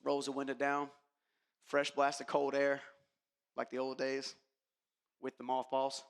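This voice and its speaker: A man's voice: mid-range voice, monotone, a little slow, creaky, pauses often, clear, resonant tone. A man giving a motivational keynote, telling a personal story emphatically and speaking straight to the audience. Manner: emphatic, addresses the audience directly. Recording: long reverb of a large hall.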